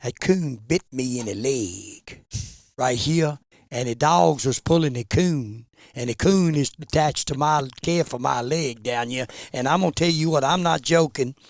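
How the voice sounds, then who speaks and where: Older man, gravelly and folksy, dry close sound; good for country yarns. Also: medium pitch, unhurried, dry recording. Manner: folksy, gets excited showing his scar. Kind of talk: casual storytelling.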